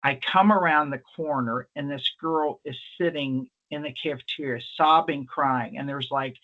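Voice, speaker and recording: A man's voice: mid-range voice, normal speed, fairly bright tone. A man presenting as a nurse, telling a story on an online call in a chatty, rambling way with many fillers and restarts. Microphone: video call. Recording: dull lo-fi online call audio.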